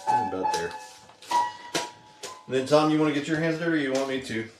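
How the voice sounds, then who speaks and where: A man's voice: medium pitch, brisk. Easygoing cooking-stream host, man, chatty step-by-step explainer, echoey kitchen, music bed. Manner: relaxed, chatty, explains steps as he cooks. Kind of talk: casual cooking chat. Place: home kitchen. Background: royalty-free background music.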